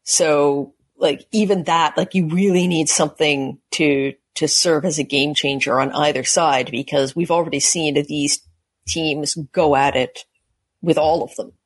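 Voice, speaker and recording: A woman's voice: deep voice, steady tone, measured pace. A woman co-hosting a casual wrestling chat, sarcastic and filling her speech with "like". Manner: chatty, sarcastic, lots of "like". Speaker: co-host.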